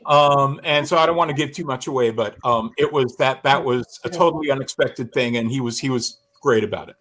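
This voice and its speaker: Guy on a call-in show telling a story about himself, lots of ums and restarts, middle pitch, kind of excited. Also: brisk. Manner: animated, self-deprecating anecdote with many fillers. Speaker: guest, fan camper and drummer.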